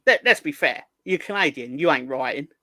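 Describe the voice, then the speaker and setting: Man, host, higher-pitched voice, playful and rambling, close dry sound. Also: expressive, fairly quick, sharp tone, no room sound. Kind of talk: casual live show chat, reading viewer comments.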